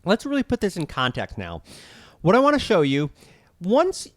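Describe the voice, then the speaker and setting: Lively-voiced male drum teacher. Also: high-pitched, normal speed, dry recording, studio quality. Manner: counting beats aloud, explaining step by step. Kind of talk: instructional lesson.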